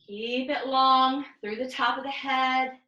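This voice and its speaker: A woman leading a pilates class over a video call, giving calm step-by-step cues and counting reps. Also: sits high, takes it slowly, roomy sound, lo-fi sound. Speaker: pilates instructor. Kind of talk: guided exercise class cues.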